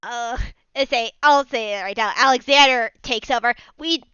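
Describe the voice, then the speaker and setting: Woman tabletop player, rambling narration, crisp high voice, dry slightly dull sound. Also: normal speed, bright, forceful tone, dry recording. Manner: rambling, many fillers and restarts in narration. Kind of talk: casual tabletop role-play.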